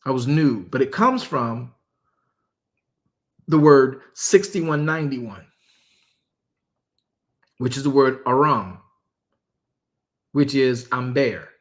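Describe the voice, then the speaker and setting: A male preacher giving a sermon, reading scripture slowly and deliberately with casual slang asides. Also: mid-range voice.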